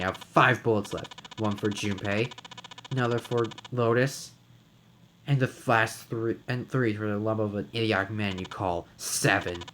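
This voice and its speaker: A man voicing a cold, mocking middle-aged killer who speaks slowly and calmly. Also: lowish voice, slight background noise, natural voice, rough recording. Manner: slow, calm, mocking menace.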